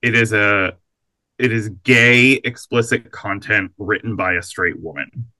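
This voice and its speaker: Bright-voiced chatty man. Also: fairly low pitch, steady tone, unhurried, dry recording. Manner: chatty, rambling, camp jokes. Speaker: podcast co-host. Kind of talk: casual chat.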